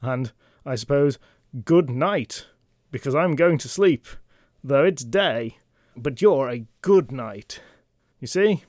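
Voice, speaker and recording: A man's voice: medium pitch, animated, slow, darkish tone, no room sound, clean studio sound. A man voicing a drowsy, rambling knight hero. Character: grand, sleepy male knight.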